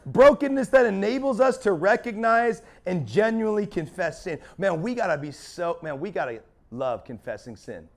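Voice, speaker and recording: A man's voice: high voice, expressive, normal speed, hardly any pauses. A man preaching a sermon as pastor, fiery and building in intensity.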